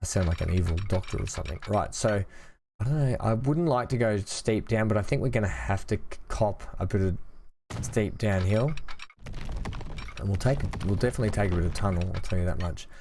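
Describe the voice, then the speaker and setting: Brief: young male let's-play host, low voice, rambling self-talk, faint hiss behind. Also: brisk, a little mellow. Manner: chatty, thinks aloud, talks to the game. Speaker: gaming channel host. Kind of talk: casual let's-play commentary.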